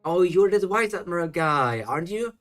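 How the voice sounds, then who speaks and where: A man voicing a defiant, sharp-tongued young pirate girl in a smug, mocking tone. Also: high voice, expressive, normal speed, faint music behind, voice pushed up. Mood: taunting.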